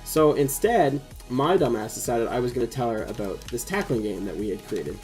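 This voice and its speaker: A man's voice: medium pitch, animated, a little fast, a little mellow, soft background music, low-quality recording. A young man hosting a casual chat, telling a rambling personal story full of swearing and fillers. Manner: rambling, swears a lot, heavy use of "like". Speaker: host.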